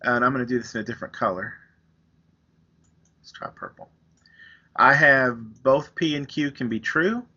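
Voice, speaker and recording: A man's voice: medium pitch, a little fast, hardly any pauses, pushed and bright, lo-fi sound. A man teaching a recorded math lesson, explaining step by step with everyday examples. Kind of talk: recorded lecture, writing on screen.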